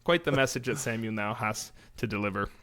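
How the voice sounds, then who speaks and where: A man co-hosting a church podcast, retelling a Bible story in casual, animated chat. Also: lowish voice, brisk, background noise. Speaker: podcast co-host.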